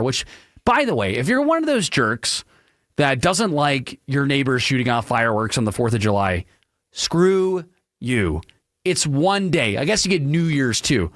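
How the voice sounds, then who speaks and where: A man hosting a radio talk show alone, ranting in an opinionated, animated way about everyday gripes. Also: moderate pace, no echo, clean studio sound. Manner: animated, ranting, mocks people in high silly voices. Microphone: studio microphone.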